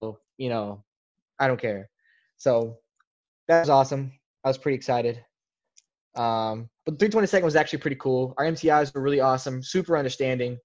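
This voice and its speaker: A man's voice: mid-range voice, fast, a little mellow, dull audio. A young man, a podcast guest, telling a casual story in a rambling way, full of filler words. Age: young adult.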